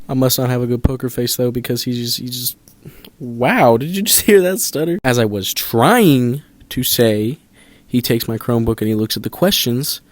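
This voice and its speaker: A man telling a storytime commentary as a basketball YouTuber, sarcastic and animated, often asking the viewer rhetorical questions. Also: mid-range voice, normal speed, no room sound.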